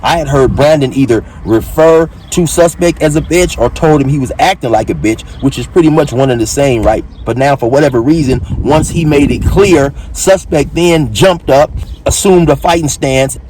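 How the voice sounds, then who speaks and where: A man's voice: on the high side, normal speed, background noise. A man hosting his own channel, recapping and mocking a clip in blunt, profane casual commentary.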